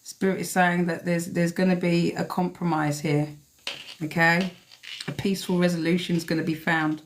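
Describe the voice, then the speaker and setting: A woman's voice: on the low side, little pitch movement, moderate pace. Woman, tarot reader on a live stream, blunt and emphatic, swears a lot, faint hiss behind.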